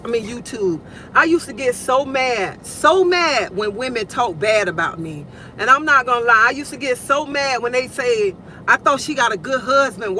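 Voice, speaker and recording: Forceful bright-voiced woman in her 40s going off on a morning live from the car, keeps repeating herself for emphasis, phone mic. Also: high voice, slight background noise, poor audio. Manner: emphatic, repeats phrases for stress. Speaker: live-stream host. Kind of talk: casual morning live-stream rant.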